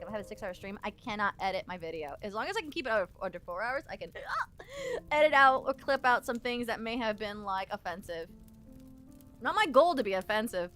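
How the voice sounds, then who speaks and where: A high-voiced young woman rambling through a casual livestream chat, her pitch leaping all over. She laughs often and bursts into sudden shouts. Her tone is bright, with faint music underneath. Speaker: streamer.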